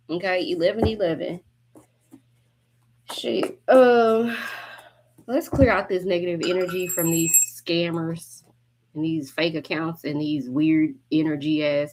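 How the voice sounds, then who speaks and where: A woman's voice: lowish voice, a little hiss or hum. A woman tarot reader on a casual livestream, talking bluntly and chattily, swearing freely and laughing often. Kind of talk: casual livestream collective reading.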